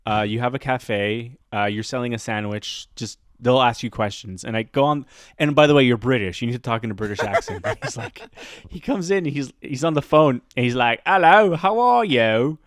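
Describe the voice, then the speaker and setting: A man chats on a podcast, spinning a casual story with plenty of laughs and quick impressions of the people in it. His voice sits at an ordinary middle pitch. It is recorded close and dry, with no room sound. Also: no room sound. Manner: animated, laughs often, acts out quoted voices. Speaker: podcast host; teacher.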